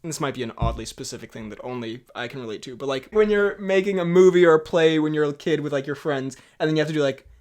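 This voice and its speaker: Higher-voiced man chatting on a podcast. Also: fast, few pauses, darkish tone. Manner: rambling, laughs often, quotes scenes. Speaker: podcast co-host. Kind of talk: casual chat.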